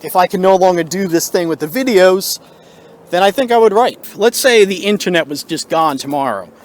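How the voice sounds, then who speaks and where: A man with a somewhat high voice vlogs from his porch at the forest's edge. He is a little out of breath and talks in a loose, rambling way, full of asides and fillers, picked up by the camera's own mic. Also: animated, normal speed. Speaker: political video blogger. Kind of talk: casual talking to camera.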